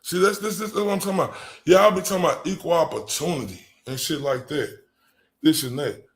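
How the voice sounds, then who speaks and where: A man's voice: a little high, brisk. A man ranting angrily in profane, mocking commentary. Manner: angry, profane, mocking rant.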